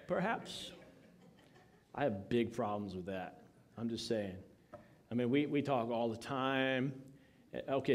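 A man, a pastor, preaching a conversational sermon with jokes and frequent asides. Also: mid-range voice. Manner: conversational, joking, many asides.

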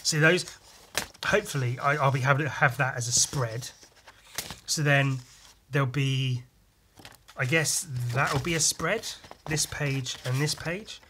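A man hosting a podcast, chatting casually and excitably, with lots of swearing and homemade sound effects. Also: mid-range voice, a little slow, long pauses, a little hiss or hum. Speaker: podcast host and comic artist. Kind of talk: casual chat walking through comic pages.

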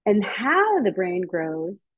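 An American woman who speaks on child development gives a lively, chatty, casual lecture to teachers and parents over a video call, saying um often. Her voice is medium in pitch and slow, with no room sound, though the call audio is dull and slightly muffled.

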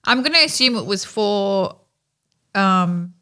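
A woman's voice: medium pitch, expressive, pushed and bright, smooth. Chatty, joking woman podcast co-host. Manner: chatty, joking, quick asides. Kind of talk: casual chat.

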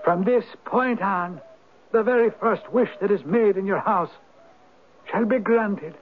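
An actor playing an ancient Viking spirit turned Irish hermit who speaks in a measured, knowing, gently probing way, in a 1970s radio drama. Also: male voice, sits high, a little hiss or hum. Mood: instructing. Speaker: Old Man of the Rock. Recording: tinny lo-fi old radio broadcast.

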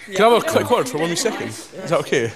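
Give me a fast, awkward man with people chattering behind him. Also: fairly high pitch, very animated, a crowd in the background. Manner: hesitant, awkward, repeating what he is told. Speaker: housemate repeating prompted lines. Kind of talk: casual chat.

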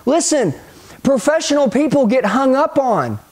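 In an energetic sales training session, a middle-aged man speaks at a moderate pace in a very high-pitched voice. He addresses the listener head-on, stays punchy and hyped, and plays out phone calls.

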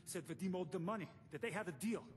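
A man's voice: high voice, quick pace, natural voice. An actor playing an anxious man pleading for help after his brother was taken, in a game. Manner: frantic, pleading.

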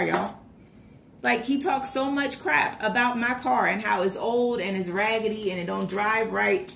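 A young woman chatting casually while budgeting, telling a story with lively retold reactions. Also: on the high side, creaky, slight background noise. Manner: chatty storytelling, animated retellings. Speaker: vlogger.

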